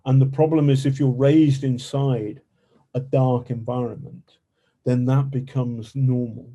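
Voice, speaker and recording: Man, journalist guest, mellow dark voice, slow, halting, filler-heavy. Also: mid-range voice, fairly even intonation. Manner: halting, many fillers and restarts. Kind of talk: podcast interview.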